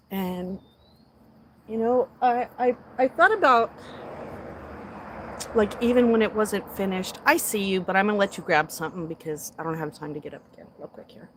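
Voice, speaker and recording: A woman's voice: medium pitch, slight background noise. Heartfelt woman chatting outdoors. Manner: emotional, heartfelt, talks softly to animals. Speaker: vlogger talking to a live audience. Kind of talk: casual livestream chat.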